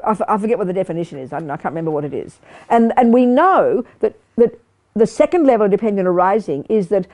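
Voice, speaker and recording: An older woman giving a lively Buddhist teaching to a live group, quizzing her listeners and talking bluntly and playfully. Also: mid-range voice, quick pace. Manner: animated, questioning the audience, blunt and playful. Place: meditation study group hall.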